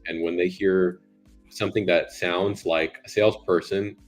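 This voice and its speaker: A man's voice: sits low, steady tone, moderate pace, faint music behind. A man talking as an interview guest about sales, in loose, talky conversation with plenty of fillers. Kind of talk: casual conversation.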